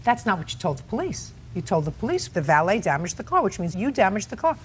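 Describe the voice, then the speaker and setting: A woman's voice: mid-range voice, sing-song, fast talker, slight background noise. A woman presiding as a television courtroom judge, stern and interrupting, mocking what others said with sarcasm.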